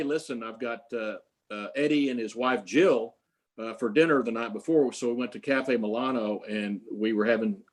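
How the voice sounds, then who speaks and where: An older man, an interview guest, telling long stories with many fillers and restarts. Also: mid-range voice. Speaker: interview guest, prize creator. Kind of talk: storytelling in an interview.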